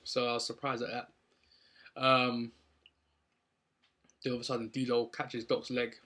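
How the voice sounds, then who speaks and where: A man's voice: mid-range voice, monotone, a little slow, sharp tone. A young man from London with a London accent, casually recapping a wrestling show with lots of ums and likes. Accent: London English. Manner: rambling, upbeat, many ums and likes.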